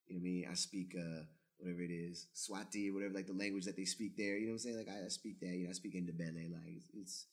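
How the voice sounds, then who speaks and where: A man's voice: lowish voice, fairly bright tone. An American man talking in a loose, profane way, often asking "you know what I'm saying?". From United States. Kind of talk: casual chat.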